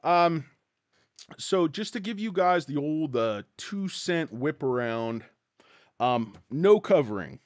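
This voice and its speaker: A man's voice: on the high side, expressive, slow, no echo. A man hosting a casual livestream, rambling and a bit profane as he greets viewers by name. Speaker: livestream host. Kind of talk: casual live-stream chat.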